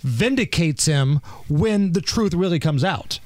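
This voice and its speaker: A man's voice: on the high side, expressive, a little slow, a little mellow. Blunt, sarcastic male talk radio host.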